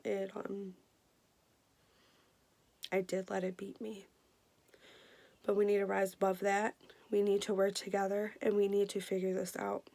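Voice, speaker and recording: A woman in her twenties giving an earnest, emotional personal health update, halting with many fillers. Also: medium pitch, monotone, creaky, dark tone. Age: 20s. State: emotional, near tears. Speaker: vlogger.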